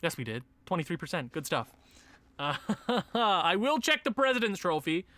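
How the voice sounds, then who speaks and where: A young man giving casual commentary on a hockey video game, muttering and then breaking into excited shouts. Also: high voice, normal speed, no echo. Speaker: gaming YouTuber.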